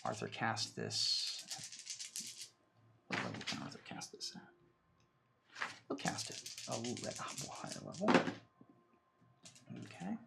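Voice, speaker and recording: A man narrating a tabletop game as dungeon master, halting and thoughtful, with many fillers. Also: mid-range voice, wildly swooping pitch, creaky, heavy background noise.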